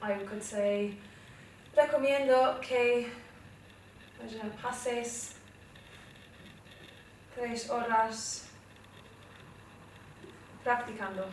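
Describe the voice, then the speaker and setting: In a classroom, a young Irish teacher with a slightly high, fairly bright voice walks students through a Spanish revision lesson step by step, frequently asking "okay?". She is recorded from far off in an echoey room with faint noise.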